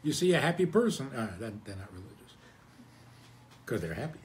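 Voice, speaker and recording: Wry rabbi giving a chuckling talk. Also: male voice, medium pitch, sing-song, brisk, a little mellow. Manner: chuckling, rhetorical questions, wry humor. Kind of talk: conversational Torah talk.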